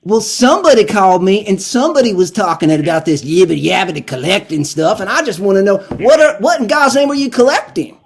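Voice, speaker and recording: Guy doing a high, bouncy cranky southern caller, confused and rambling on a prank call. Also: animated, a little fast, hardly any pauses, a little hiss or hum. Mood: baffled. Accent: Southern US, exaggerated.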